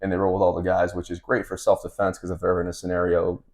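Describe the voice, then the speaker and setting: A man's voice: deep voice, racing. A man, chatting and telling stories as a podcast host. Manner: storytelling, relaxed and chatty. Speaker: podcast host and fight coach. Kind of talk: casual podcast chat.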